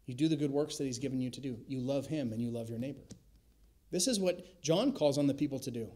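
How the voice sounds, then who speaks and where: A male pastor preaching a sermon in a church, emphatic, slowing and dropping to a hush on key words. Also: mid-range voice. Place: church sanctuary.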